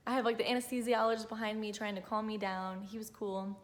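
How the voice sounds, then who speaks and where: A woman's voice: medium pitch, level tone, a little fast. A woman in her twenties telling a personal story to camera in a chatty, emotional way, full of "like" and "um". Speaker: vlogger.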